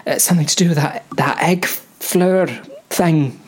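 Guy doing a bossy spacewoman, husky and hushed, kinda higher. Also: steady tone, moderate pace, close to an everyday voice. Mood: alarmed. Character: bossy woman crew member.

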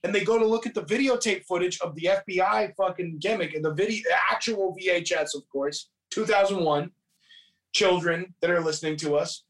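A man's voice: sits high, fairly quick, fairly bright tone, distant mic. A man casually retelling a movie plot, profane and rambling, quoting characters as he goes. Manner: profane, rambling storytelling with quoted voices. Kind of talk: casual movie recap chat.

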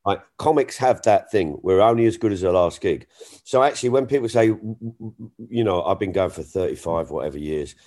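A man who works as a stand-up comedian, chatting casually and telling jokes in a lively, storytelling way. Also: brisk. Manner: animated storyteller, jumps in pitch for punchlines. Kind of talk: casual podcast conversation.

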